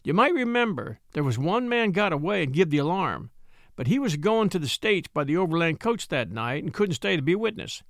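A man voicing a grim, rough frontier blackmailer who drawls in backwoods dialect and talks with quiet menace, read in a storybook narration. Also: fairly high pitch, very animated, brisk, dry recording, studio quality, heavily acted.

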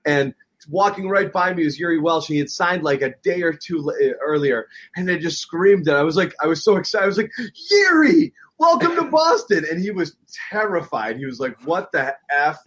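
A man's voice: a little high, brisk. A man in his thirties co-hosting a casual sports podcast, telling stories with animation and acting out what people said. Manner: animated, storytelling, acts out quotes. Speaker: podcast co-host.

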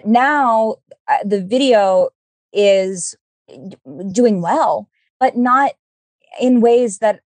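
A woman's voice: on the high side, very slow, darkish tone, dry recording. A woman hosting a podcast, talking in a bubbly, gushing way, laughing often and swearing casually. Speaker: podcast host.

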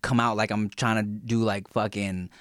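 A man's voice: lowish voice, flat delivery, normal speed, fairly bright tone, no room sound, clean studio sound. A man hosting a podcast, telling stories in a loose, profane, casual way full of fillers. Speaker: podcast host.

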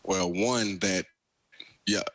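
Animated Southern American young man. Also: low voice, slow, no room sound. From Alabama, USA. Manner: animated storyteller, folksy. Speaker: pro football player, guest. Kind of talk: casual phone-in interview.

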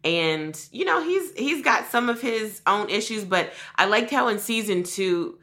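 A woman co-hosting a podcast in casual chat with lively, sassy asides. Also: medium pitch, measured pace. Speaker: podcast co-host.

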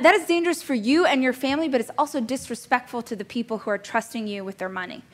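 A woman's voice: high-pitched, a bit bright. A woman in her thirties teaching a business coaching class in a chatty, joking way, laughing at herself now and then. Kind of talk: casual coaching class talk.

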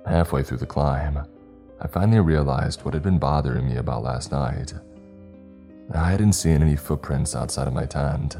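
A man narrating a first-person scripted horror story in a steady storytelling manner. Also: a bass voice. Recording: faint music underneath.

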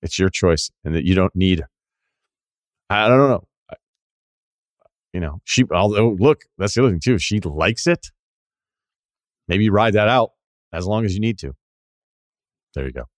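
A man's voice: deep voice, expressive, moderate pace, long pauses, dry recording, clean studio sound. A man hosting a podcast, ranting in a casual, sardonic and profane way. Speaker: podcast host.

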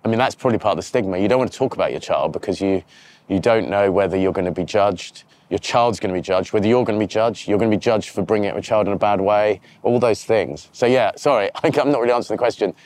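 Low-voiced man, reflective and halting. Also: darkish tone. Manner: reflective, halting, with frequent restarts. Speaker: interview guest, TV presenter. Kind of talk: candid conversational interview. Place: outdoors by a river.

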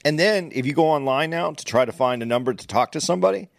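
Brief: male co-host, lively pitch, dry close sound, rambling storyteller. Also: gravelly, no echo. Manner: rambling, halting, many restarts. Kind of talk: casual storytelling chat.

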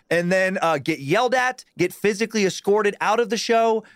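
Comedian guy telling a crazy club story, kinda high voice, dry close mic, swears a lot. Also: moderate pace, hardly any pauses, clear, resonant tone, no room sound. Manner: animated, swears freely, lots of restarts. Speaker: comedian podcast guest. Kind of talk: casual storytelling chat.

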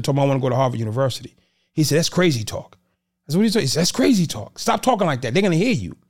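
A man from the Boston area in casual conversation as a podcast guest, telling stories and acting out what others said. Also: fairly high pitch. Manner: animated, acts out quotes of others.

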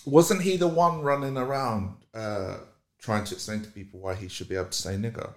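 A man's voice: on the low side, a little fast. A man, chatting casually as a podcast co-host, playful and getting heated. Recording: echoey room.

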